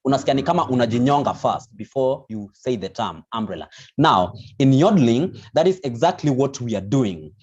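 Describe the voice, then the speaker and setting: A man's voice: medium pitch, lively intonation, brisk, hardly any pauses, darkish tone, husky. A man teaching an online vocal lesson, explaining patiently with many restarts. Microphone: video call. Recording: dull lo-fi video call audio.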